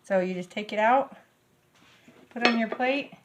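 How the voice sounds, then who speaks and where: A middle-aged woman, gushing with excitement as she demonstrates a recipe in her home kitchen. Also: fairly high pitch, moderate pace, very noisy. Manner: bubbly, gushing, easily excited. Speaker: home cooking vlogger. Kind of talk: casual cooking demonstration.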